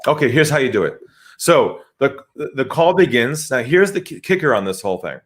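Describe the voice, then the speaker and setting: A man speaking as a sales expert guest in a podcast interview, animated and emphatic. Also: medium pitch, a little fast. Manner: animated, acts out quoted voices, emphatic.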